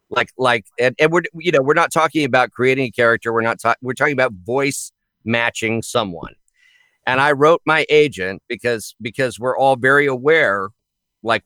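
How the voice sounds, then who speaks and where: A man's voice: medium pitch, fairly bright tone, no room sound. A male voice actor talking in a casual chat, earnest and reflective, often restarting his sentences.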